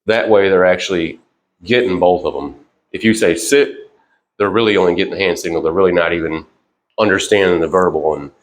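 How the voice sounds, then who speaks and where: A very low-voiced man talks through dog training in a loose, casual way, full of "you know" and "like". His commands to the dog come out short, a bit louder and sharper than the rest of his speech. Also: fast. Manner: relaxed, rambling with fillers, sharp higher commands to the dog. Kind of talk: casual instructional talk. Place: indoors with a dog.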